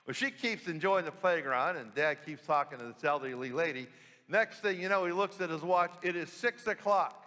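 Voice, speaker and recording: Priest telling a story in his homily, bright voice, big church echo. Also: fairly high pitch, moderate pace. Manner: warm storytelling with rhetorical questions. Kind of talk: sermon storytelling. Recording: long church reverb.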